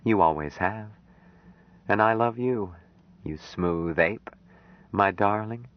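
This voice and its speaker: A man reading an audiobook, voicing an anxious, tender young woman in a lifted, soft, worried voice. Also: fairly low pitch, slow. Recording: dry, dull lo-fi audiobook recording.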